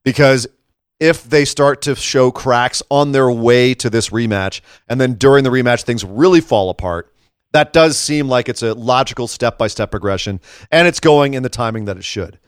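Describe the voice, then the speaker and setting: A man's voice: mid-range voice, moderate pace, clear, resonant tone, dry recording, clean studio sound. A man co-hosting a podcast, chatting animatedly in a casual wrestling recap. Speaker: podcast co-host.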